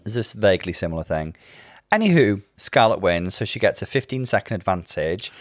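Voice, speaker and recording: A man's voice: fairly low pitch, lively intonation, brisk, dry recording, clean studio sound. A man co-hosting a casual chat, talking loosely with many fillers and asides. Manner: chatty, with frequent fillers and asides. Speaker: podcast co-host.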